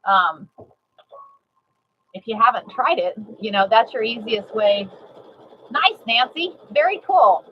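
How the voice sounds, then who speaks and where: A woman giving a live sewing demonstration, chatty and excitable, repeating herself and greeting viewers. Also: fairly high pitch, slow pace, pauses often, highs cut off, a little hiss or hum. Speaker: sewing instructor.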